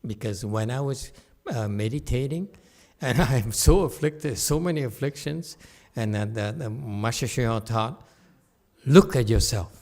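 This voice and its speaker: A man giving a teasing dharma lecture in a Buddhist hall, laughing often, repeating himself, and moving from soft asides to loud emphasis. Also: medium pitch, expressive, normal speed.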